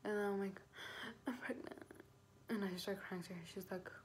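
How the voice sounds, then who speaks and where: A woman's voice: medium pitch, level tone, a little hiss or hum. Chatty young woman telling her story. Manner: chatty, slangy, quick asides with frequent "like". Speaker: vlogger. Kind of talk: casual storytelling.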